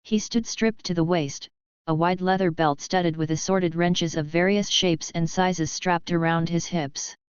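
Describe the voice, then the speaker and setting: Very clear, low-voiced woman narrator. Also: fairly even intonation, unhurried, no room sound, lo-fi sound. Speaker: audiobook narrator. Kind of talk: scripted narration.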